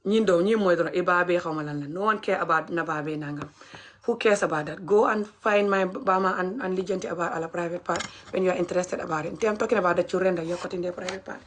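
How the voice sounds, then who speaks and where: A woman's voice: lowish voice, fast talker, slight background noise. A woman talking straight to her viewers in an impassioned commentary vlog. She mixes English with her local language, repeats phrases and keeps urging people to share. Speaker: video commentator.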